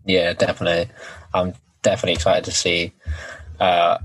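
A man's voice: sits low, monotone, a little fast, a bit bright, poor audio. A man co-hosting a casual podcast, talking over an episode with a hesitant manner full of ums and restarts. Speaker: podcast co-host. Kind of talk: casual recap chat.

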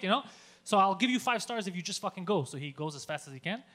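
A man telling a story on a podcast in a casual, animated way, swearing a lot and acting out his own yelling. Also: sits high, very fast. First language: Greek. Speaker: podcast co-host.

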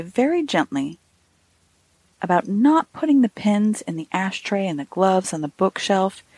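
A woman narrating a classic ghost story in a lively, expressive reading with soft asides. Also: mid-range voice, breathy edge, no room sound.

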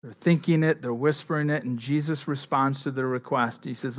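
A male pastor preaching a sermon in a conversational way, slipping into quick voices for the people in the story. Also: mid-range voice, fairly even intonation.

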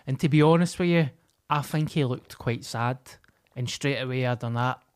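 A man's voice: mid-range voice, moderate pace, clean tone. Blunt Scottish man telling stories. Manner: blunt, sweary storytelling. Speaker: podcast co-host. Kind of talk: casual chat.

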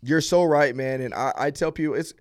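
Police officer guy on a podcast, earnest, explains stuff, keeps restarting, voice a little high. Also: a little fast, darkish tone. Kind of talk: casual interview chat.

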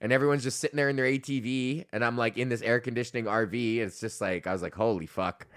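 A man's voice: mid-range voice, steady tone, fast. Profane rambling comedian man. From Canada. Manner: rambling, profane, laughs often, mock voices. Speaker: comedian podcast host. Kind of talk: solo comedic rant.

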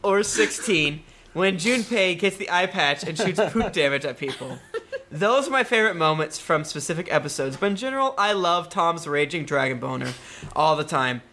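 A man's voice: a little high, animated, moderate pace, bright, forceful tone, a little hiss or hum. A man co-hosting a podcast, reading listener messages aloud in a jokey way and laughing as he goes. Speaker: podcast co-host.

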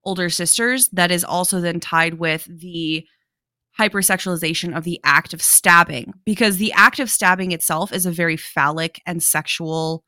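Bright-voiced woman recapping a film. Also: on the low side, normal speed, dry recording, clean studio sound. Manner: explains at length, recounts scenes play-by-play. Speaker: podcast co-host. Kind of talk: casual movie discussion.

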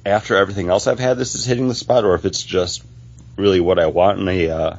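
A man with a low, husky voice co-hosting a podcast in loose, rambling chat, full of ums and restarts. The recording sounds dull and lo-fi. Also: steady tone, fast. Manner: rambling, many fillers and restarts. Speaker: podcast co-host. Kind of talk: casual chat.

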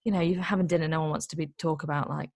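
Brit woman chatting, low gravelly voice, dry close sound, lots of "like". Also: fairly even intonation, racing, darkish tone, no room sound. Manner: chatty storytelling with many "like"s. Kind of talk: casual chat.

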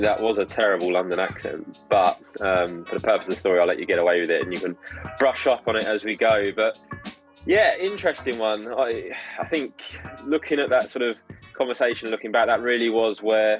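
Low-voiced man telling a story on a podcast. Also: a little fast, faint music behind, low-quality recording. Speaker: podcast guest. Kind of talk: casual podcast chat.

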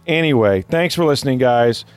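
A man's voice: fairly low pitch, moderate pace, a little mellow. A man hosting a sports podcast, chatting casually and rambling with fillers and easy laughs. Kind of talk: casual chat.

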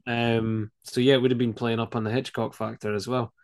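A man's voice: medium pitch, little pitch movement, fairly quick. Rambling man chatting about films. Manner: rambling, laughs often, swears. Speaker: podcast co-host. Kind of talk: casual film chat.

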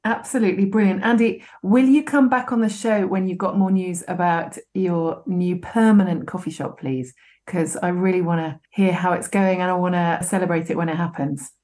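A woman's voice: lowish voice, moderate pace, no room sound. A middle-aged woman presenting a chatty local radio show from the studio, bubbly and talkative. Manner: bubbly, chatty, warm asides. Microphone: studio microphone.

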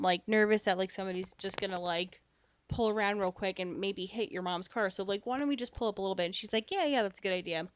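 A young woman co-hosting a podcast, telling a story in casual chat, animated, swearing freely and acting out dialogue. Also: medium pitch, no echo. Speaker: podcast co-host. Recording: slightly dull dry podcast mic.

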